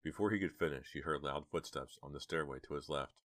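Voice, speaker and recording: A man narrating a horror audiobook in a steady, measured storytelling manner. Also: very deep voice, no echo, studio quality.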